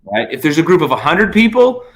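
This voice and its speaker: A man, a podcast guest, telling stories in casual, animated chat full of fillers and swearing. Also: fairly high pitch, brisk. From United States.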